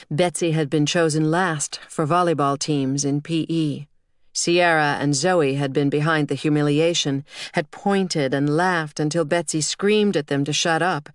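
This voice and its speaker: A woman narrating an audiobook in a steady, measured reading. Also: low-pitched, no room sound, clean studio sound. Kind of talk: scripted narration.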